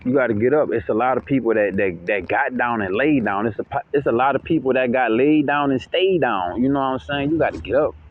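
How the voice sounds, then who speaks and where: A man's voice: medium pitch, animated, brisk, few pauses. A man giving a slangy, preachy motivational monologue, repeating himself and checking in with the listener constantly. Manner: slangy, repeats "you know what I'm saying"; preachy, hyped, repetitive. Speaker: self-help vlogger. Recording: dull lo-fi audio with faint noise.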